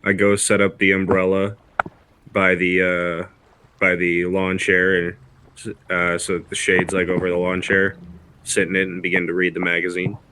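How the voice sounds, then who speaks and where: A man playing a tabletop game, describing his character's actions in slow, dry in-character talk. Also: low voice, monotone, noisy background. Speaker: player. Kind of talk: tabletop role-play.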